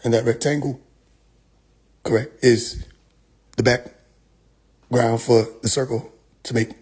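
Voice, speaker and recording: A man putting on a rambling male preacher who dodges a question with a slow, low, roundabout explanation. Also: fairly even intonation, a little mellow, slightly rough. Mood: droning.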